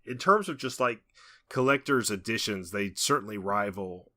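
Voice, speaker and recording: A man's voice: lowish voice, moderate pace, bright, forceful tone. A man co-hosting a casual podcast. He reads out release details and laughs often. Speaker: podcast co-host.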